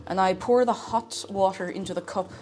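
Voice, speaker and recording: A young woman with a mid-range, darkish voice talks at normal speed over music playing in the background. A livestreamer, she reads her chat aloud in a bubbly, playful way with sing-song asides, sounding slightly out of breath.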